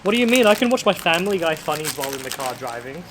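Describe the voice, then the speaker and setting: A woman's voice: deep voice, big pitch swings, rapid-fire, a crowd in the background, low-quality recording. A young woman with an Australian accent, chatting playfully and teasing while unboxing. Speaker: cubing video host. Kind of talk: casual chat while unboxing. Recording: loud crinkling packaging noise.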